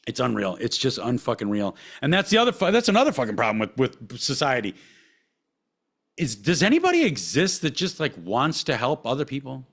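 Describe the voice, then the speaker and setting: A man hosting a podcast, ranting heatedly and swearing at every turn. His voice sits at a middling pitch and lurches from low, muttered asides to loud outbursts. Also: wildly swooping pitch, a little fast. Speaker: podcast host. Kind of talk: profane ranting monologue.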